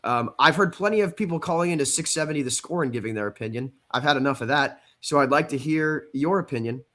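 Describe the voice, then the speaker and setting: A man hosting a sports podcast in a relaxed, conversational way, putting questions to his co-hosts. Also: fairly high pitch, fast talker. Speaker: podcast host. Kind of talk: casual sports talk.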